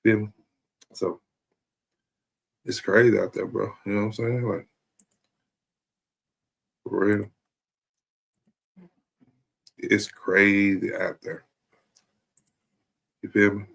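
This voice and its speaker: A man with a gravelly, fry-edged voice riffs through a casual comedic monologue. His pitch sits a little low, and he keeps looping back with "you feel me" as he talks to his stream audience. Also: level tone, measured pace, long pauses. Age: adult. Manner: rambling, repeats "you know what I'm saying". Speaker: streamer host.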